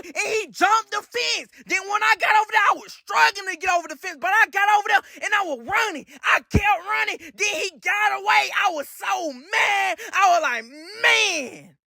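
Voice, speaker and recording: A young creator loudly narrating a comic skit story in dramatic, slangy style. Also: extremely high pitch, gravelly, dry recording, clean studio sound.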